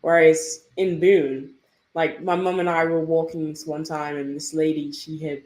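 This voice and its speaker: A woman's voice: deep voice, flat delivery, measured pace, a little mellow. A young woman with an English accent, a podcast guest chatting casually and laughing often as she tells stories. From England. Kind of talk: casual interview chat. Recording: roomy echo.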